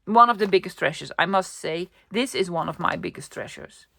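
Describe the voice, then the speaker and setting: A middle-aged woman, chatting excitedly to camera about her thrift finds and often dropping to a whisper. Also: lowish voice, brisk, creaky, dry recording. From Netherlands. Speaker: vlogger showing a thrift haul. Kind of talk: casual chat to camera.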